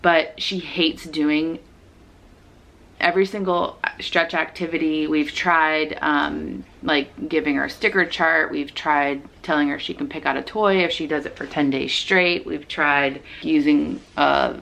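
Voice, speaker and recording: A woman's voice: low-pitched, fairly even intonation, measured pace, gravelly, fairly bright tone. A young woman, a mother, chatting casually in a home vlog and explaining each step as she does it. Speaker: vlogger and mother. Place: home bedroom.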